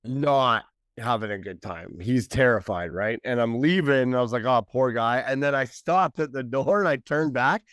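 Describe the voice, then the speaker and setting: A male comedian and podcast co-host telling a story in casual chat, animated and laughing as he acts out the dialogue. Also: medium pitch, normal speed, no echo, clean studio sound.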